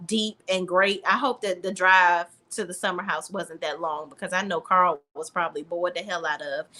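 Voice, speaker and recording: Blunt, bright-voiced woman reviewer. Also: medium pitch. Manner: blunt, slangy, opinionated with swearing. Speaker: reality TV reviewer. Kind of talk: casual recap vlog.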